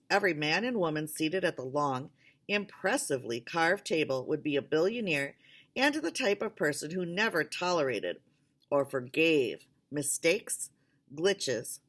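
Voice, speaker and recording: A woman with a low, deep voice reads a novel chapter aloud. Her delivery is unpolished, with restarts and small asides to herself. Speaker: audiobook reader.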